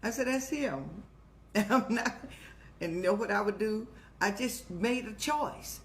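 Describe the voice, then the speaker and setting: An older woman hosts an advice show. Her speech is folksy and motherly, with a preaching lilt. Her voice sits at an ordinary middle pitch. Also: measured pace, a little hiss or hum. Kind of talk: casual advice talk.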